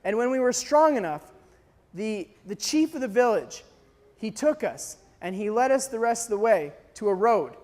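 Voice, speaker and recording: A man from Canada tells a gripping survival story to a crowd, his voice sitting very high for a man. He acts out the cries and dialogue with lively energy, and a long hall reverb trails each phrase. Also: normal speed. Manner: animated storyteller, acting out shouts and dialogue. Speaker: speaker telling a mission story. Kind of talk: storytelling talk to a live audience.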